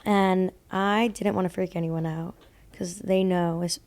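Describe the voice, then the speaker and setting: A woman's voice: lowish voice, steady tone, a little slow, darkish tone. A young woman co-hosting a podcast, telling a story in a rambling casual way, full of fillers and laughing at herself. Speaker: podcast co-host telling ghost stories.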